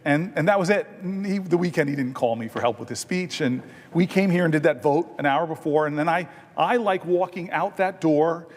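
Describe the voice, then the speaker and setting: A man's voice: fairly high pitch, brisk, few pauses. A man, a senator holding the floor, telling a personal story with self-deprecating humor in an extemporaneous floor speech in a large legislative chamber. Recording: long chamber reverb.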